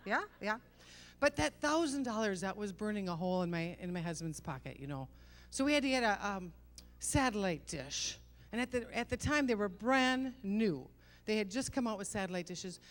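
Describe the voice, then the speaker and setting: A middle-aged woman performing a stand-up comedy set on stage, with punchy self-mocking delivery and quick rhetorical asides to the crowd. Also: on the high side, lively intonation.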